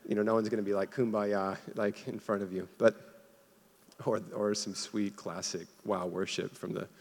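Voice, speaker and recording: A man's voice: fairly low pitch, darkish tone. A young man preaching a sermon, casual and conversational, calling on the congregation to answer back. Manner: casual, conversational preaching with audience call-and-response. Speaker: pastor. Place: church auditorium. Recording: long hall reverb.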